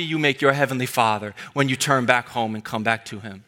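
A man preaching a sermon, swinging between loud fervent passages and quiet, hushed stretches. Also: mid-range voice, fairly quick, few pauses. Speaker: pastor.

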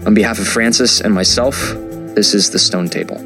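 A man hosting a podcast, reading a scripted intro in a measured, earnest way. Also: on the low side. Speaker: podcast host. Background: music.

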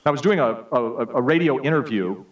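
A man's voice: mid-range voice, expressive, brisk, distant mic, highs cut off. Man preaching with funny stories. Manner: humorous, self-deprecating storyteller. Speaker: speaker giving a message. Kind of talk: sermon with personal stories.

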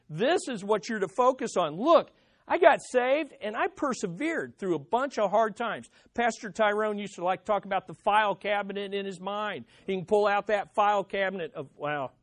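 A pastor delivers an expository sermon in a mid-range voice. He drives home his points by swinging between loud and hushed delivery and puts rhetorical questions to the listeners.

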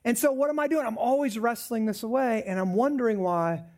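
A man preaching a sermon, lively and conversational, acting out the voices of worried people. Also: extremely high pitch, brisk. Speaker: pastor.

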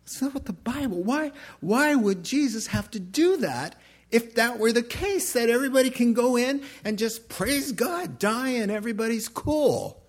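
A man preaching a sermon, emphatic, swinging between loud exclamations and quiet asides. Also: very high-pitched, lively intonation, normal speed. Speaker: pastor.

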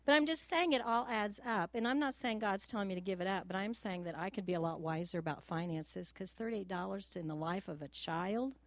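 A woman's voice: mid-range voice, a little fast, hardly any pauses, no room sound. A middle-aged woman giving an earnest, personal testimony at church, telling homely stories in a practical way and sometimes close to tears. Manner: earnest, personal and practical, with a gentle down-home storytelling way. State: tearful at times. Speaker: church speaker.

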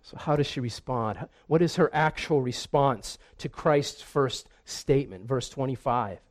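A man's voice: mid-range voice, a little slow. A man preaching a sermon in an earnest way, often repeating a word as he restarts. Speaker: pastor.

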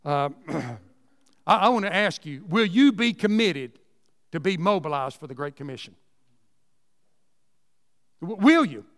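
A high-pitched man preaches to his congregation with folksy, emphatic conviction, driving his points home by repeating them. His voice rings out with a long reverb, as if filling a large church sanctuary. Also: fairly bright tone. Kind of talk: sermon.

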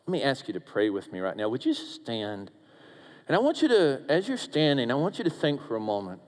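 A pastor delivering an impassioned, prayerful sermon in a large church hall. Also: male voice, mid-range voice, wildly swooping pitch, a little fast. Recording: long hall reverb.

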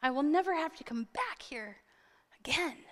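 Lady doing a wary tired woman at a well, high bright voice, echoey hall. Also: expressive, moderate pace. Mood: questioning.

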